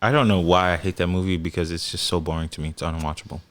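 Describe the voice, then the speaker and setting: A man's voice: deep voice, fairly even intonation, fast, heavy background noise. A man co-hosting a podcast in casual chat, blunt and joking as he tells stories. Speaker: podcast co-host.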